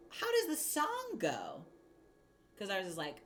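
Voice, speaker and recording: A woman's voice: high voice, huge pitch swings, unhurried, fairly bright tone, slight background noise. A woman hosting a crafting livestream, chatting casually and rambling while she answers her chat. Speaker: livestream host.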